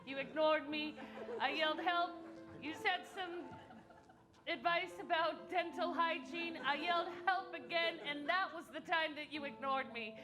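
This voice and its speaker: A woman improvising a comic love letter on stage in a mock-romantic, deadpan manner. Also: sits high, moderate pace, music in the background. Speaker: improv performer.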